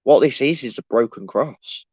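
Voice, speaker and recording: A man's voice: mid-range voice, normal speed, a little mellow, slightly rough, no echo. A man talking casually on a live stream, rambling and restarting his sentences as he answers the chat. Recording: dull, dry lo-fi sound.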